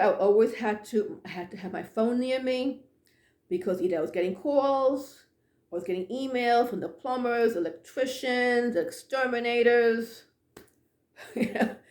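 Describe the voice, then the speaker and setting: Woman, storyteller, personal ghost story, slightly high voice, echoey room. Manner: animated, drops to hushed tones.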